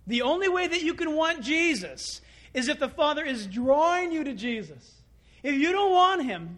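A male pastor preaching a sermon, animated and acting out quoted voices. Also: very high-pitched.

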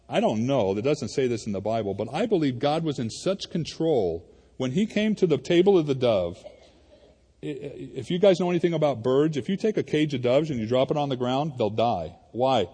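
A male pastor preaching a sermon in a church, conversational and animated, talking to the congregation like friends. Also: medium pitch, slightly rough. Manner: conversational and animated, addressing the congregation as "you guys". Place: church sanctuary. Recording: reverberant hall.

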